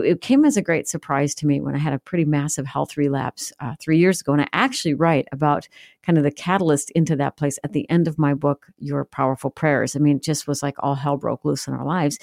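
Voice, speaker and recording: A woman's voice: deep voice, darkish tone, no room sound, studio quality. A middle-aged woman giving a heartfelt personal testimony as a guest author in an interview. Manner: earnest, heartfelt storytelling.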